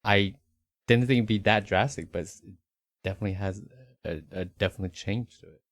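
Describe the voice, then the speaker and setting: Very deep, gravelly man, curious podcast co-host. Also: a little fast, dry recording, studio quality. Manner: curious, eager reactions like oh and wow. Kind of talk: casual chat, interviewing.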